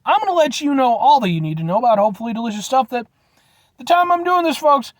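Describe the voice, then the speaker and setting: A man hosting a casual food review vlog from inside his truck, playful and animated, talking straight to his viewers. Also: very high-pitched, fast talker. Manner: animated, playful, keeps addressing viewers as folks.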